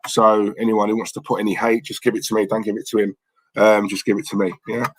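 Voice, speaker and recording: A man's voice: fairly low pitch, little pitch movement, quick pace, a little hiss or hum, rough recording. Blunt, chatty man. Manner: blunt, rambling, chatty, reads viewer messages aloud. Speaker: livestream host. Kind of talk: casual live-stream chat.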